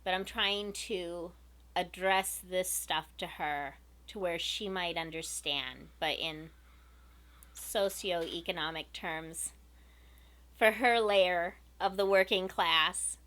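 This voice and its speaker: A woman earnestly telling a personal story to her viewers, emotional and unhurried. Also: lowish voice, sharp tone. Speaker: vlogger.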